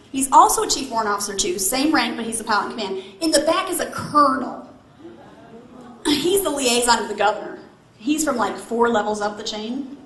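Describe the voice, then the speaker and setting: A woman with a high, bright voice tells a story from the stage of a large event hall and keeps asking the audience questions. The hall echoes around her and a faint background noise runs underneath. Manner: animated, asks the audience questions. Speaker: motivational speaker. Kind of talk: keynote storytelling to a live audience. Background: audience responses.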